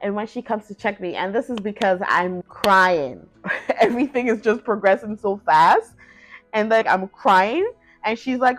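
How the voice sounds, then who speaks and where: A woman's voice: medium pitch, moderate pace, dry recording, soft background music. A woman vlogger telling a personal story in a casual, chatty way, full of fillers and acted-out quotes. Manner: chatty, filler-heavy, acts out quoted lines. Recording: dull lo-fi sound.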